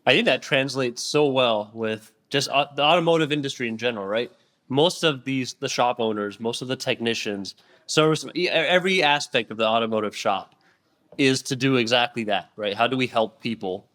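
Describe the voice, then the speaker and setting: A man's voice: mid-range voice, moderate pace, a bit bright. A man co-hosting an interview podcast, affirming the guest and often ending his points with "right?". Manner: affirming, keeps asking "right?". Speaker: podcast co-host. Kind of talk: casual interview talk.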